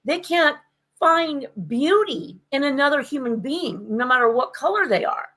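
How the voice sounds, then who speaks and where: A woman co-hosting a podcast, telling a story in an animated, sarcastic way. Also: high-pitched, normal speed, poor audio. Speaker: podcast co-host. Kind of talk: casual podcast chat.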